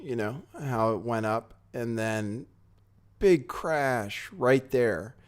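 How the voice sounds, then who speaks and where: A man's voice: medium pitch, slow, clean tone. A man hosting a casual commentary show, talking in a sardonic, rambling way with offhand asides. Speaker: host. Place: home studio, California.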